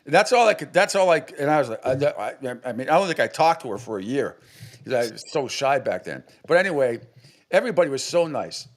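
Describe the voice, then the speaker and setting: A man's voice: mid-range voice, big pitch swings, brisk. A middle-aged man from New England, a sports radio host, telling a rambling story with many restarts and acted-out quotes. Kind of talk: casual storytelling.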